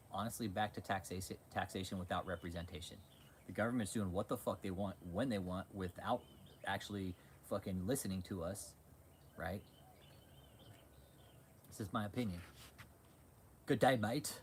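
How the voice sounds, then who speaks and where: A man's voice: fairly low pitch, slight background noise. A man hosting a livestream, talking casually and reading chat, swearing a lot, getting worked up and restarting his sentences often. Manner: profane, excitable, frequent restarts. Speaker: livestream host.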